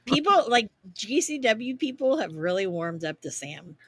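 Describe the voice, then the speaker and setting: A woman co-hosting a wrestling podcast, chatting casually with lots of swearing and rambling, animated stories. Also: on the high side, normal speed, slightly rough, dry recording. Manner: profane, rambling, animated storytelling. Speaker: podcast co-host.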